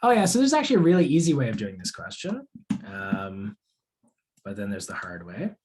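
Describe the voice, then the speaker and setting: A man's voice: on the low side, huge pitch swings, a little fast, darkish tone, a little hiss or hum. A young man teaching a live online math lesson in a casual way, answering student questions as he works through problems. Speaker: course instructor.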